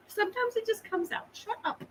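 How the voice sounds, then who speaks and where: A woman's voice: very high voice, a little hiss or hum, low-quality recording. A woman from Oklahoma co-hosting a casual live podcast, teasing and laughing often. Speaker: podcast co-host.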